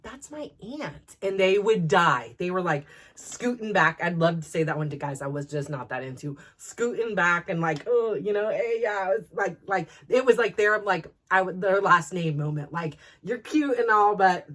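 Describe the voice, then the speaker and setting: A woman's voice: lowish voice, a bit bright. A woman from California with a Valley girl accent, telling personal stories in a chatty podcast monologue full of "like". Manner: chatty, peppered with "like", quick laughs. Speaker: podcast host. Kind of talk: casual storytelling monologue.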